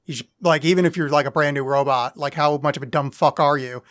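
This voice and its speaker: A man's voice: on the high side, steady tone, fast, fairly bright tone. A man co-hosting a podcast, talking in an offhand, wry way with plenty of swearing. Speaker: podcast co-host. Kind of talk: casual chat.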